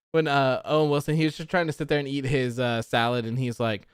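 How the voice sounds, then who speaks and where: Young male streamer, smooth clear voice, dry close sound, rambling frustrated rant. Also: mid-range voice, steady tone, brisk, no echo. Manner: frustrated, rambling, reads chat comments aloud. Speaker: livestream host. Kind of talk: casual wrestling post-show chat.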